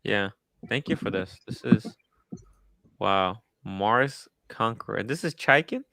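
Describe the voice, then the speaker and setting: A man hosting a casual livestream chat about watches, relaxed and musing. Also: on the low side, unhurried, vocal fry, no room sound. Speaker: host of a watch talk show. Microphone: studio microphone.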